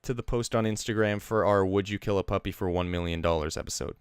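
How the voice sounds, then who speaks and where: A man's voice: low-pitched, fast, smooth, dry recording, clean studio sound. A man co-hosting a casual comedy podcast, reading emails aloud with amused laughter. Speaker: podcast co-host.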